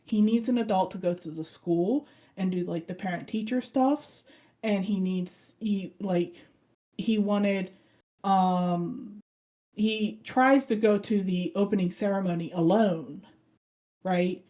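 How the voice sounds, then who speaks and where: A woman's voice: medium pitch, slow. A woman co-hosting a casual podcast, retelling an anime plot with energy and acting out the characters' lines. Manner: animated storyteller who acts out characters' lines. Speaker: podcast co-host.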